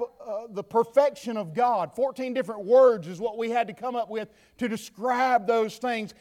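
A man's voice: very high voice, darkish tone. A man preaching a sermon with an impassioned, repetitive cadence.

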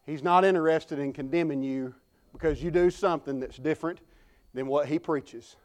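A man's voice: on the high side, moderate pace. A man preaching a sermon, telling folksy stories and calling on the congregation to respond. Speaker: pastor.

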